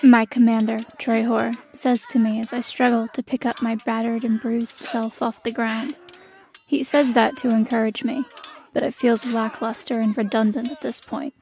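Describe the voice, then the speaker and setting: Young female elf soldier narrating her own story in an audio drama, played by a young woman: bitter, defiant, flat delivery. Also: on the high side, normal speed, lightly acted. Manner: bitter, defiant inner monologue.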